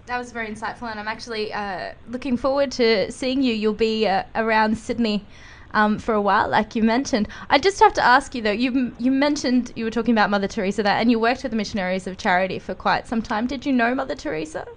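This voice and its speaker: A woman's voice: on the high side, fast talker. Hesitant female radio interviewer. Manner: hesitant, searching for words. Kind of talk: interview questions.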